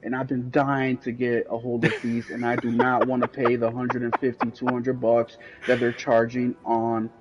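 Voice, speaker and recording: A man's voice: medium pitch, monotone, moderate pace, few pauses, muffled recording, heavy background noise. A man co-hosting a casual gaming podcast, telling a story in a blunt, ranting way with plenty of swearing. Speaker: podcast co-host.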